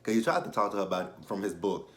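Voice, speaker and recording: A man's voice: lowish voice, big pitch swings, very fast. A man hosting his own channel and recapping a TV episode in loose, profane slang, with lots of fillers and laughs. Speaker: TV episode reviewer, channel host.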